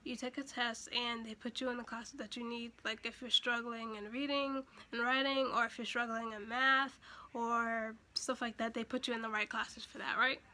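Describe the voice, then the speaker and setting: Bright-voiced young woman telling a story. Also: fairly high pitch, level tone, moderate pace, slight background noise. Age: young adult. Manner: chatty, with many fillers and restarts. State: emotional, near tears at times. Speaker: vlogger. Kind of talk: casual storytime.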